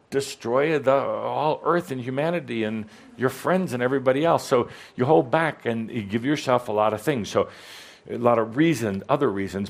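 A man at mid pitch works a live audience in a hall, teasing and prodding one listener on a handheld mic. He talks as a channeled spiritual teacher, and his speech is full of stammered restarts and playful jabs. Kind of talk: interactive workshop coaching. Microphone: handheld microphone.

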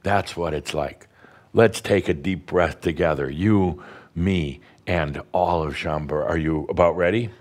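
A man, a spiritual teacher, guiding a group through deep breathing in a playful, teasing way with slow, emphatic phrasing. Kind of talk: guided breathing talk to an audience.

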